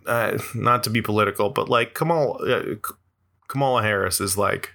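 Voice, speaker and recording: A man's voice: lowish voice, a little fast, vocal fry, bright, forceful tone. A man giving a rambling, profane comedic monologue, peppered with "like" and "uh" and frequent laughs.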